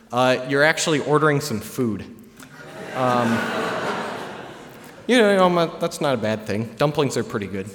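A man's voice: a little high, slight background noise. Young man presenting in a reverberant hall. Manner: relaxed, chatty, many filler uhs. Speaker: student presenter. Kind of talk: live classroom presentation. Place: large hall with an audience.

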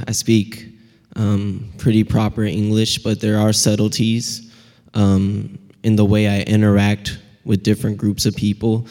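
A young man with a Pacific Northwest accent speaks on a student panel in an extremely monotone, lowish voice. He is measured and pauses often on filler words. A long hall reverb follows each phrase. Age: young adult. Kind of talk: panel discussion.

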